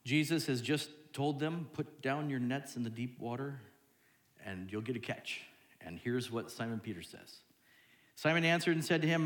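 A man preaching a sermon as pastor, dropping to hushed tones and then jumping loud and high as he acts out what people say to God. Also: moderate pace, echoey room. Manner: acts out quoted voices, swinging from hushed to loud.

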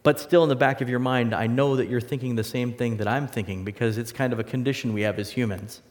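A man delivers an earnest sermon in a mid-range voice, lifting his tone for emphasis and dropping quiet at the ends of thoughts. His voice rings with the long reverb of a large hall. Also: mid-range voice, fairly even intonation, quick pace. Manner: earnest, rises in emphasis and drops soft. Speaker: preacher. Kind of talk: sermon with closing prayer.

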